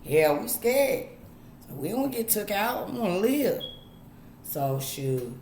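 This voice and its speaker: A woman's voice: medium pitch, very animated, slow, roomy sound, background noise. A middle-aged woman, giving her viewers blunt, preachy advice in a casual monologue, talking right to them and cursing freely. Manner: preachy and blunt, talks to the audience, drawls, swears. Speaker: vlogger.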